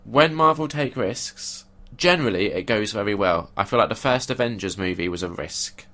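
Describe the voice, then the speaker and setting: Male podcast co-host, lowish voice, easygoing and opinionated. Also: lively intonation, normal speed, sharp tone. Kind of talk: casual film discussion.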